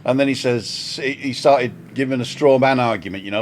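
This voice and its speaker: A man's voice: medium pitch, moderate pace, few pauses, slight background noise. Older man rambling through a story. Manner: rambling storyteller, chuckling, self-mocking. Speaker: vlog co-host. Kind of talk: casual chat on a live stream. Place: home balcony.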